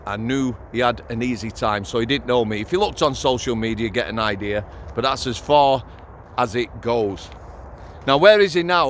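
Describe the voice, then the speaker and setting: Middle-aged man, ex-prison officer vlogger; blunt, sweary storytelling, outdoors with faint street noise. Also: medium pitch. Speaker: former prison officer, channel host. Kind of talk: casual vlog storytelling.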